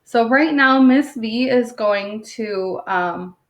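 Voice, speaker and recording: A woman teaching a phonics lesson to young children, patiently sounding words out and checking in with "okay?" after each point. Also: fairly high pitch. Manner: sounds words out slowly, tapping syllables. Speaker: second grade teacher. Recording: roomy echo.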